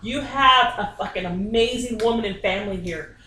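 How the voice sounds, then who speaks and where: A psychic medium speaks with a sharp tone at normal speed and medium pitch while doing a reading in someone's house. She's pushy, direct, and curses a lot. The recording has a distant mic, an echoey room, faint ambience, and some hiss or hum.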